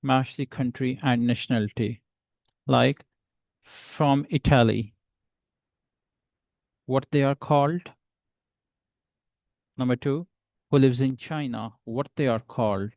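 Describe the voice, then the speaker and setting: A man's voice: medium pitch, takes it slowly, vocal fry, long pauses, a little mellow, dry recording. A man teaching a beginner English lesson, patiently repeating example phrases.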